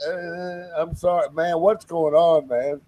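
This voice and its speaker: A man's voice: fairly high pitch, steady tone, slow, a little mellow, rough recording. A man in casual comedy chat who talks in an easygoing, agreeable way and keeps calling people man.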